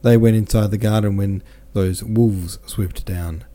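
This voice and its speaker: A man's voice: on the low side, steady tone, a little slow, dark tone, natural voice. A man voicing a distraught peasant woman with an urgent, lamenting manner.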